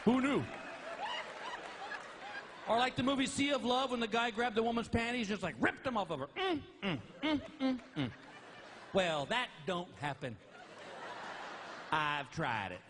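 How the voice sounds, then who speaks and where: A middle-aged stand-up comedian with a drawl, telling stories with a high, lively voice that swings widely in pitch. His live concert recording carries clear audience noise from the big theater. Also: normal speed, pauses often. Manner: animated storytelling with high-pitched put-on voices for wife and dog. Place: large theater stage with a laughing audience.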